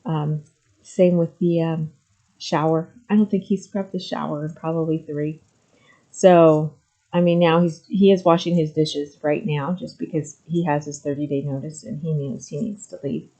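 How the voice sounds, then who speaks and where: A woman's voice: low voice, fairly even intonation, moderate pace, warm tone, rough recording. A middle-aged woman talking candidly to the camera, with frequent ums, moving between hesitant and emphatic speech. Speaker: vlogger sharing personal story. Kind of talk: candid personal talk to camera.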